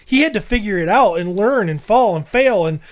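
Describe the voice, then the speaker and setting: High-voiced man rambling about movies. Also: lively intonation, normal speed. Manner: rambling, repeats words while searching for a point. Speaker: podcast co-host. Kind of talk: casual movie review chat.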